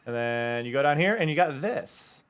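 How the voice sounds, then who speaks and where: Speaking at normal speed with a mid-range voice and lively intonation, a man streams from home. He casually narrates his building in a game into a desk microphone, faint game music audible underneath.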